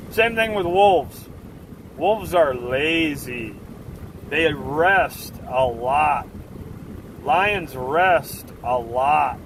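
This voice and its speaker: A man's voice: a little high, fairly bright tone, slight background noise. A man hosting a live stream, talking casually to his chat in assertive, fired-up rants. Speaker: livestream host.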